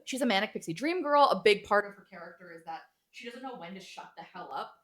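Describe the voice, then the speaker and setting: A young woman co-hosting a romance book club podcast, talking in an animated, exasperated way and laughing through her rants. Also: medium pitch, fast talker. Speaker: podcast co-host. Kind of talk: casual book club chat.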